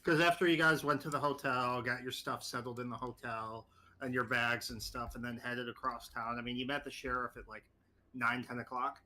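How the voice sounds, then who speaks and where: A man's voice: medium pitch, flat delivery, moderate pace, bright, forceful tone. A man narrating as game master in a casual tabletop game, swearing freely.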